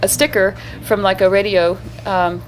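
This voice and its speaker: A woman's voice: medium pitch, little pitch movement, moderate pace, slight background noise. A woman who performs as a living statue, telling stories in a casual interview, with many fillers and restarts.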